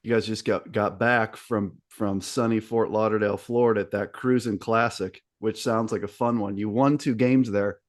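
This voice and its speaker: A man's voice: on the low side, fairly even intonation, moderate pace, few pauses, dry recording, clean studio sound. A man hosting a sports podcast, chatting in an upbeat, casual way with lots of fillers. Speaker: podcast host. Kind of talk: casual interview chat.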